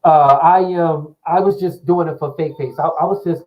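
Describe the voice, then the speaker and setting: A man's voice: a little high, steady tone, moderate pace, highs cut off. A man vlogging to his camera in a loose, meandering way, with many fillers and restarts. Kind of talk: rambling casual chat to camera.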